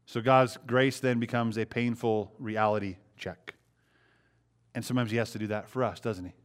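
A man's voice: medium pitch, fairly even intonation, normal speed. A man preaching a sermon in a conversational way, asking the congregation rhetorical questions and acting out short quotes. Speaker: pastor.

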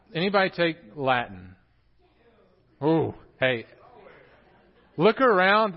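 A young man with a drawl preaches in a church, chatting and joking with his congregation. His voice sits a touch high. The recording is muffled and lo-fi. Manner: joking, animated, talks straight to the congregation. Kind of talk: casual sermon with humor. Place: church sanctuary.

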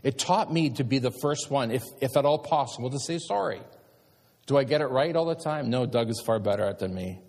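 A middle-aged man, a pastor preaching a sermon and telling stories with animated emphasis. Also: mid-range voice, brisk. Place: church sanctuary. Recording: long church hall reverb.

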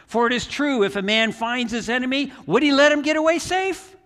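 A man's voice: very high voice, fairly quick, fairly bright tone, big-room sound, pitched above the performer's own voice. A preacher voicing an older king, emotional and remorseful as he calls out. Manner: emotional, declaiming.

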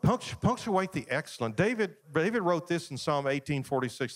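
A man, a pastor preaching a sermon with folksy storytelling that swings from loud to hushed. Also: on the high side, sing-song, brisk. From Southern United States.

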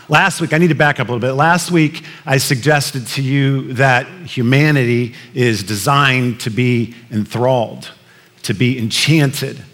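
A pastor giving a conversational sermon, telling stories with many fillers and restarts. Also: male voice, medium pitch, moderate pace, a bit bright. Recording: long reverb of a large hall.

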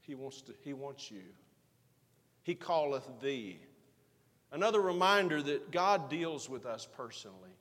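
A man's voice: fairly high pitch, animated, moderate pace, hardly any pauses. Man preaching in a reverberant church. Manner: preaching with rising emphasis and quiet asides. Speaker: pastor. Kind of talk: sermon.

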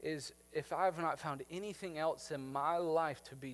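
A man, preaching a sermon and telling a personal story, moving from lively to hushed and tender. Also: a little high, normal speed, hardly any pauses. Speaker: pastor.

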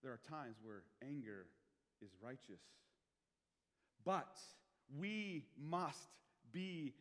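A male pastor with a fairly high voice preaches to his congregation, asking them questions as he goes. He drops to quiet asides and then presses hard on key points. The sound carries a long reverb from a large church hall. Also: sing-song, slow pace. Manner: conversational, asks the congregation questions; swings between quiet asides and loud emphasis. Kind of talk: sermon.

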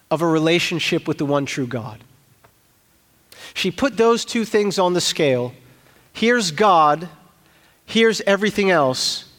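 A male pastor preaches in a high-pitched voice, loose and conversational, breaking off into asides and restarting his phrases. His voice carries a long echo from the church sanctuary. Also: fairly bright tone. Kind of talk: sermon.

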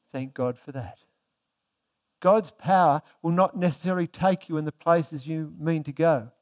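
Male pastor, sermon delivery, high voice, shifts from forceful emphasis to quiet intensity. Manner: asks the congregation rhetorical questions; swings between emphatic and hushed delivery.

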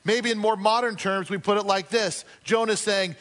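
A male pastor preaching a sermon earnestly, asking the congregation questions and slowing down to stress his points. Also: high-pitched, fairly even intonation, fairly bright tone, big-room sound.

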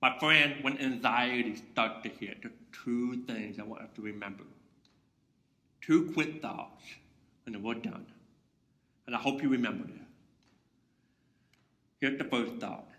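A man preaching a sermon, swinging between loud proclamation and a hushed near-whisper. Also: medium pitch, measured pace, long pauses, echoey room. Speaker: pastor.

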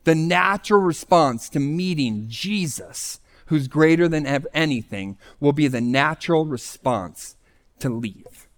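A man with a slightly high speaking voice delivers a sermon as a pastor. He talks in a loose, conversational storytelling way, then turns it into plain teaching. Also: animated, unhurried.

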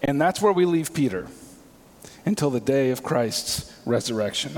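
A male pastor preaching a sermon, swinging between hushed, slow passages and emphatic, raised lines. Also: fairly high pitch, lively intonation. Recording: long hall reverb.

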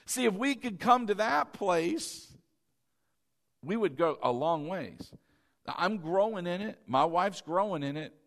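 A middle-aged pastor delivers a church sermon with animated energy, rising to loud emphasis before sinking into a low, confiding tone. His pace is measured and his voice has a creaky quality.

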